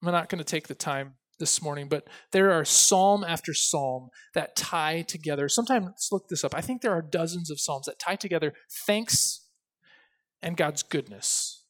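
A pastor preaching a sermon, emphatic, slowing down to stress key phrases and swinging between loud and soft. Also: male voice, a little high. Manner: reads scripture aloud with expression.

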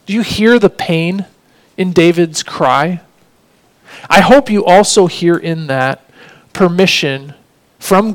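Man, high voice, sermon, earnest preacher, rhetorical questions.

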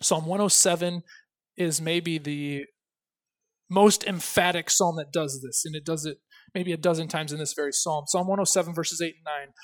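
A pastor preaching a sermon, emphatic, slowing down to stress key phrases and swinging between loud and soft. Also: male voice, fairly high pitch, fairly even intonation. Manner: reads scripture aloud with expression.

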